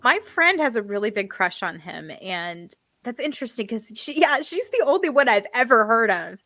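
A woman chatting casually on a podcast, laughing and throwing in quick asides. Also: a little high, sing-song, pushed and bright, dry recording. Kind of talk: casual chat.

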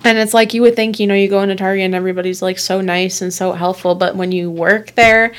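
A woman's voice: mid-range voice, fairly even intonation, fast. A woman in her twenties chatting casually as a podcast co-host, rambling with lots of filler words. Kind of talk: casual chat.

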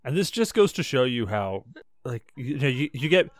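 A man co-hosting a podcast, a bit drunk, loud and excitable, repeating himself. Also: mid-range voice, moderate pace, no echo, studio quality. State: tipsy. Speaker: podcast co-host. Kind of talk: casual chat.

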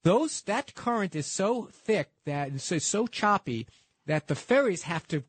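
A man's voice: high voice, sing-song, a little slow, breathy edge, no room sound. A man co-hosting a radio talk show, explaining his points earnestly with frequent restarts. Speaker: radio co-host.

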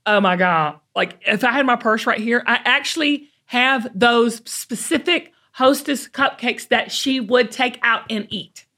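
A middle-aged Southern woman with a Southern American accent, hosting a talk show in chatty, animated storytelling. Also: a little high, measured pace, few pauses. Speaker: host. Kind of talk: casual chat.

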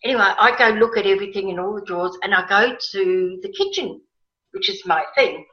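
A woman telling a personal story in a casual interview, animated and emotional, acting out her own past words. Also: mid-range voice, brisk. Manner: animated, emotional, quotes herself with rising excitement. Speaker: guest. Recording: roomy, slightly dull sound.

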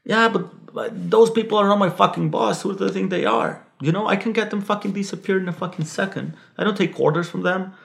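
A man's voice: high voice, brisk, creaky, few pauses, pitched above the performer's own voice. A man voicing a menacing, indignant male cartel boss who swears as he blusters.

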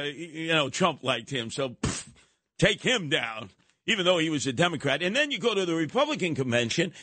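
A man's voice: fairly high pitch, sharp tone, no room sound. A man hosting a political talk radio show, combative and mocking. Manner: combative, mocking, uses nicknames.

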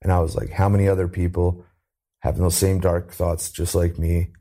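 A man from Canada telling his life story as an interview guest, earnest and animated, lifting his voice when he quotes people. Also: moderate pace. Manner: earnest, acts out quoted voices with rising pitch.

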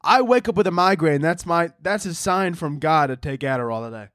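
A man hosts his podcast solo in a loose, rambling chat full of swearing and self-mockery. His voice sits a little high. The sound is close and dry, with no room echo. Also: lively intonation, a little fast, fairly bright tone. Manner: rambling, profane, self-mocking. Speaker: podcast host.

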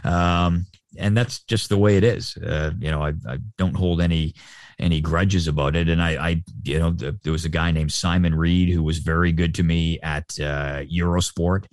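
A middle-aged man with a Canadian accent and a very deep voice talks in a loose, rambling way, full of fillers and restarts. His voice sounds dry and close to the mic. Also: fairly even intonation, normal speed, darkish tone, dry recording. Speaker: sportscaster guest. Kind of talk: casual interview chat.

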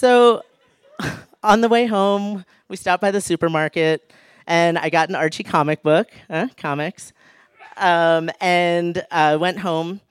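A man's voice: high-pitched, slow pace, clean tone, no echo. A man telling a humorous personal story on stage, laughing often and acting out the people he quotes. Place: live stage show.

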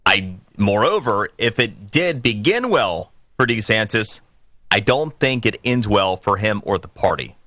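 Male talk radio host, low-set bright voice, dry close mic, opinionated and emphatic. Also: lively intonation, unhurried, no echo. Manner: emphatic, opinionated, rising to forceful peaks. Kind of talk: political call-in radio talk.

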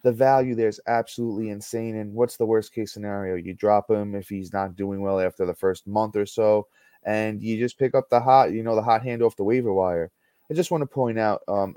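A man hosting a casual sports podcast, upbeat and reading stats in a steady list. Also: lowish voice, no echo. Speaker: podcast host.

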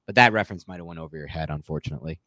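A man's voice: rumbling low, rapid-fire, dry recording. A man co-hosting a sports podcast, chatting casually and rambling, often correcting himself mid-sentence. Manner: rambling, self-correcting, animated. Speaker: podcast co-host.

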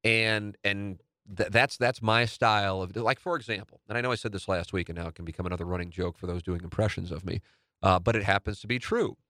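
Candid low-voiced man hosting a podcast. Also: brisk, pushed and bright, no room sound, clean studio sound. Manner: rambling, candid, self-interrupting, swears casually. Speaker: podcast host and radio host. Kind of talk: casual solo podcast monologue.

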